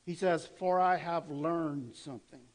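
High-voiced man preaching earnestly. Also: a little slow, rough recording. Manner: earnest, conversational preaching with rhetorical questions. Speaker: pastor. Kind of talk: sermon.

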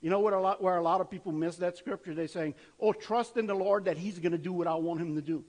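A man's voice: high voice, fast, hardly any pauses, darkish tone, rough recording. A man preaching a sermon in an earnest, conversational way, asking rhetorical questions of his listeners. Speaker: pastor.

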